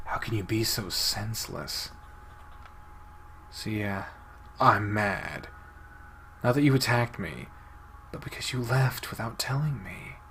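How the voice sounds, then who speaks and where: A man hosting a let's-play, reading a visual novel aloud with expressive delivery that swings between soft and loud. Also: on the low side, slow pace, long pauses, slight background noise. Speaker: game let's-play host.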